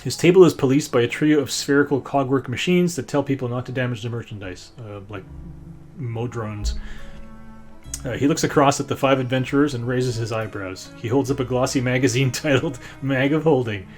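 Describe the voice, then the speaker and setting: A man's voice: mid-range voice, brisk, soft background music. A man running a tabletop game as game master, rambling and stopping often to find his words. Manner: rambling, many fillers and restarts.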